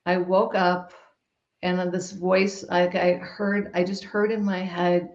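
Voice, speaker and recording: A woman guest telling a personal story in a podcast conversation, emphatic and lively. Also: fairly low pitch, slow pace. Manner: animated, emphatic storytelling with laughs. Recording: roomy, dull-sounding recording.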